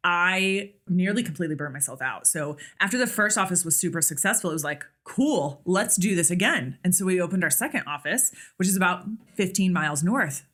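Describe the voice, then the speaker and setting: Appearing as a podcast guest, this US woman, a nurse practitioner who owns a clinic, talks openly and casually in an interview, leaning on many fillers. Her voice is on the low side with a fairly bright tone.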